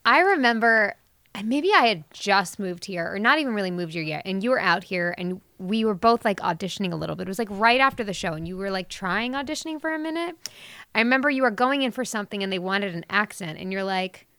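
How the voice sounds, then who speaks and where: Thirties woman chatting candid and animated, mid pitch, dry sound. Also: fast talker, dry recording. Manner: candid, swears freely, animated. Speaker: actress and mother, podcast guest. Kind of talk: casual chat.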